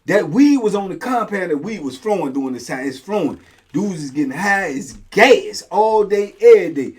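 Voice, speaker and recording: A man's voice: sits high, expressive, normal speed, breathy edge. A middle-aged man hosting a show, telling a story in casual, slang-heavy talk and acting out both sides of the conversations. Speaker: host and storyteller.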